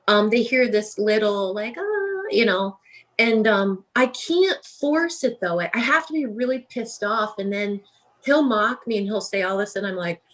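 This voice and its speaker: A woman guest on a podcast, chatting casually and telling lively stories with frequent laughs. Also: medium pitch, normal speed. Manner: laughs often, animated storytelling. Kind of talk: casual chat.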